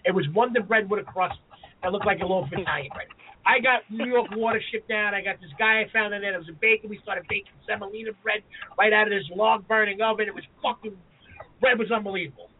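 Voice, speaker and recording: Fast-talking high-voiced man, phone-like sound. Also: fairly even intonation. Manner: rapid, profane storytelling. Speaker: chef and podcast co-host. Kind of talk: casual podcast chat. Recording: phone-like sound with faint noise.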